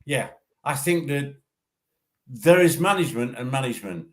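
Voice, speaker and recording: An older man, a former referee assessor, talking through refereeing in a measured way, often repeating and restarting his words. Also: medium pitch, expressive. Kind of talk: casual discussion.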